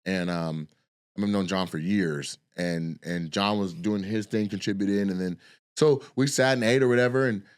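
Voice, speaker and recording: A man's voice: deep voice, moderate pace, clear, resonant tone. A man, a stand-up comedian hosting a podcast, telling a long story in a rambling, profane, casual way. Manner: rambling, profane, restarts a lot.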